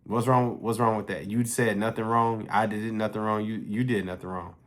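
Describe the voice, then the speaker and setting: A man's voice: on the low side, steady tone, normal speed, fairly bright tone. A man talking casually and bluntly to his viewers in a vlog, swearing freely as he tells a story. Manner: blunt, profane, conversational. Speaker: fitness coach.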